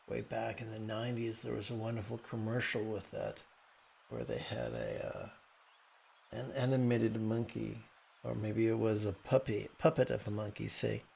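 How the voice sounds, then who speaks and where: A man with a gravelly, creaky voice teaches meditation in a calm, explanatory way. His pitch sits in the middle, and he often restarts his sentences. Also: a little slow. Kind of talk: meditation talk.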